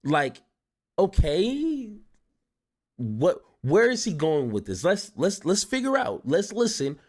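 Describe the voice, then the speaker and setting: A man's voice: on the high side, sing-song, unhurried. A man hosting a reaction video, giving casual, exasperated commentary with sighs and restarts. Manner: exasperated, sighing asides with many restarts.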